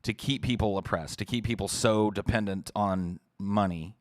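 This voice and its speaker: A man's voice: lowish voice, normal speed, no echo, studio quality. A podcast host, a man, giving a heated, profane livestream rant while answering chat messages.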